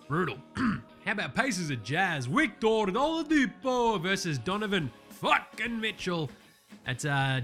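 A man, recapping basketball games in a loose, profane, excitable way, often putting on mocking voices. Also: a little high. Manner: excitable, swears constantly, does mocking voices. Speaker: sports podcast host.

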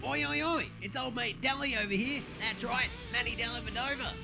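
A man's voice: very high-pitched, a little fast, creaky, music in the background, pitched above the performer's own voice. A man putting on a cheeky male Australian basketball player with a chirpy greeting and an Australian accent.

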